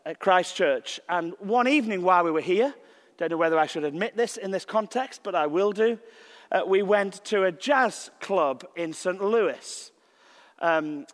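A man, preaching as a visiting minister and telling a personal story in a gentle, reflective way with slow pauses. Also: fairly high pitch, big-room sound. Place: church sanctuary.

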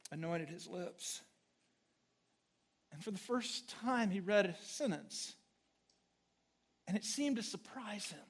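A man pastor preaching a sermon, telling a story dramatically and swinging from hushed words to loud, blunt exclamations. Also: high-pitched. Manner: conversational, blunt.

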